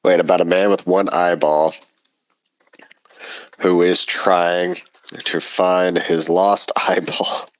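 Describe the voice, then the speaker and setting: A man's voice: sits low, level tone, slow pace, pauses often, no echo. A man with a stuffy voice from a cold, chatting casually and reading a story aloud with a laid-back manner. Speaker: podcast co-host.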